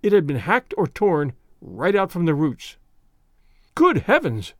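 Expressive male audiobook narrator. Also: a little high, no echo, clean studio sound. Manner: measured, expressive storytelling. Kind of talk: audiobook reading of a classic story.

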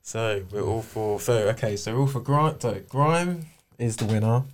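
A man's voice: lowish voice, moderate pace. Laid-back sweary man. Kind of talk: casual chat.

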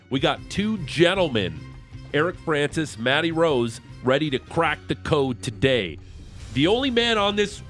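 Easygoing radio host. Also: male voice, fairly high pitch. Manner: easygoing, self-deprecating. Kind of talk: casual sports radio banter. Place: radio studio.

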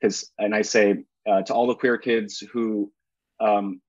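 A man in his thirties, a podcast guest, talking in a halting way with many restarts. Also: fairly low pitch, little pitch movement, no echo, lo-fi sound. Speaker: podcast guest, actor and author. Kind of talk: casual chat.

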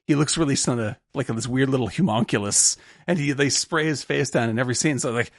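A man co-hosting a podcast, animated and laughing often as he acts out scenes from films in quick impressions. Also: mid-range voice, no room sound, clean studio sound. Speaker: podcast co-host. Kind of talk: casual film discussion.

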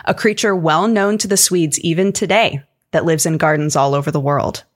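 A woman's voice: low voice, normal speed. A woman guest on a podcast, narrating a story in a dramatic, playful way.

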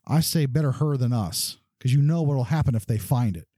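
A man's voice: medium pitch, lively intonation, fairly quick, warm tone, no room sound, studio quality, close to an everyday voice. A man voicing a hot-tempered male laborer who speaks in a threatening, sneering way. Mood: hostile.

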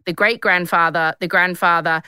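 Australian woman, 30s, chatty podcast host; fairly low voice, bright and crisp. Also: fairly even intonation, moderate pace, dry recording, studio quality. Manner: chatty, rambling, lots of filler words. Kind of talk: casual storytelling chat.

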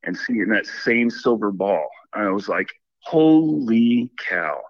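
A man's voice: on the low side, measured pace. A man calling in by phone and rambling through a personal story, acting out what everyone said with lots of "I'm like.". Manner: rambling, animated retelling with many "I'm like" quotes. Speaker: caller. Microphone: phone line. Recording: dull phone line.

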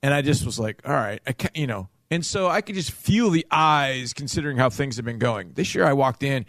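A male sports radio co-host tells stories with a lively, swinging voice and acts out other people's lines. The studio sound is close and dry. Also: medium pitch, fairly quick, no room sound. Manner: animated storyteller who acts out quotes. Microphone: studio microphone.

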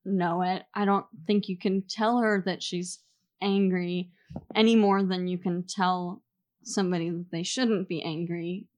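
A woman's voice: on the low side, steady tone, measured pace, a little mellow. A woman on a panel, thinking aloud with many fillers and some laughter. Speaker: panel guest, author. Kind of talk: casual panel answer.

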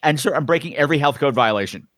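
A man's voice: fairly high pitch, lively intonation, rapid-fire, a bit bright, no echo. A man co-hosting a podcast in casual chat, sarcastic and rambling, swearing freely. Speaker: podcast co-host.

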